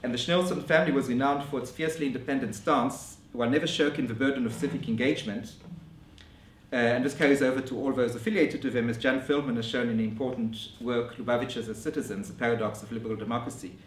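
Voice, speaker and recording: A man giving a scholarly conference lecture in a measured way, often restarting his phrases. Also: mid-range voice, fairly even intonation, slight background noise. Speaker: academic lecturer. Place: lecture room. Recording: roomy echo from a distant mic.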